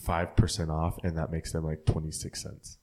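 A man's voice: rumbling low, normal speed. A young man co-hosting a podcast, telling stories with acted-out quotes and plenty of swearing. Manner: animated storyteller, acts out quotes, swears freely. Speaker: podcast co-host. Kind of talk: casual banter.

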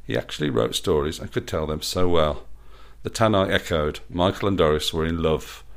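A man's voice: low-pitched, normal speed. A man reading aloud his own playful story, with a self-amused manner.

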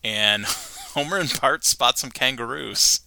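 A man hosting a podcast, recapping a cartoon episode with animated storytelling and frequent laughter. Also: medium pitch, slow, vocal fry, noisy background. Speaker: podcast host.

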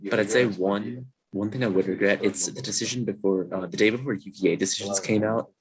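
A man's voice: lowish voice, brisk, a crowd in the background. A young man from Virginia, a podcast guest, chatting casually and rambling over a video call, with "like" in nearly every sentence. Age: young adult. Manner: relaxed, rambling, heavy use of "like". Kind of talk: casual chat. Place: dorm room.

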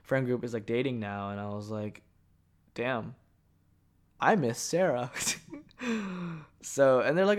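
A man's voice: on the high side, normal speed. A young man hosting a podcast, telling stories in a rambling, casual way, full of profanity and constant "like" fillers. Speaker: podcast host. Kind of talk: casual solo storytelling.

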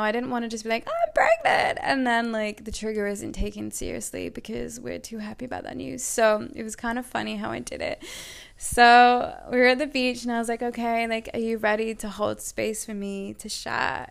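Chatty young woman with a gravelly voice. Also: on the high side. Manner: chatty, with many "like" and "you know" fillers; warm and earnest about her feelings. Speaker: vlogger. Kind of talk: personal storytelling to camera.

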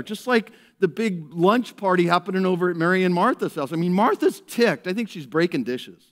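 A male pastor preaching a lively sermon to his church, acting out people in a raised voice and dropping to a hushed tone in prayer. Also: high voice, normal speed. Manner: animated, acts out characters in raised voice, drops to hushed prayer. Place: church service.

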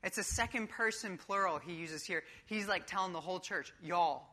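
A woman's voice: on the low side, a little fast, pushed and bright. A woman preaching a sermon in a church, emphatic and coach-like with casual asides.

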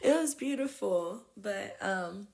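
Woman host, casual storytelling, laughs often, animated delivery, mid-range voice. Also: mid-range voice, takes it slowly, creaky, slightly rough. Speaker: podcast host and energetic healer.

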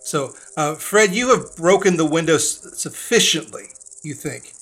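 A man running a tabletop horror game as game master, describing scenes in a halting way with frequent restarts. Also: a little high, lively intonation, fairly bright tone, husky. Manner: hesitant, with many fillers and restarts.

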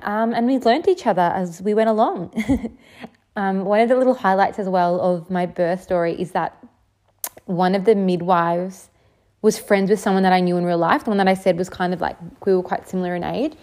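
A woman's voice: mid-range voice, fairly even intonation, moderate pace, darkish tone. Chatty young woman telling a story. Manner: chatty, full of fillers like "um" and "like". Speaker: vlogger. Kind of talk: casual storytelling.

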